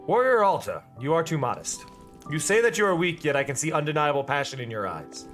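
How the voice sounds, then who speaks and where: A man voicing an earnest young warrior who speaks formally and gravely. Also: fairly high pitch, big pitch swings, brisk, a bit bright. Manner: formal and grave, speaks in lofty pep talks. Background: faint music.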